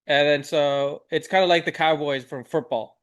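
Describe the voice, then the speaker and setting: Easygoing man, slightly high voice. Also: fairly even intonation, moderate pace, fairly bright tone. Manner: easygoing, explains with rhetorical "right?". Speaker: podcast co-host. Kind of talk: casual podcast chat. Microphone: video call.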